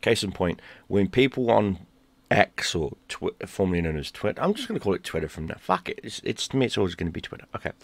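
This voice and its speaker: A man ranting in a heated, profane monologue, dropping to a mutter and then bursting out loud. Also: very animated, fast, vocal fry, no room sound. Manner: heated and profane, swings between low mutter and loud outbursts. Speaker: gaming YouTuber.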